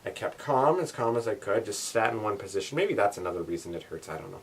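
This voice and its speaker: A young man from Canada ranting casually in a daily vlog, animated and swearing, wet from the shower. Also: on the low side, quick pace, slight background noise. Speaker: vlogger.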